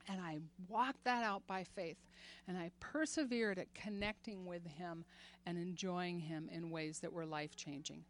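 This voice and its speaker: A woman in her sixties giving an earnest faith talk to a group, laughing often and growing animated when she retells stories. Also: fairly low pitch, a little slow. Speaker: women's ministry speaker.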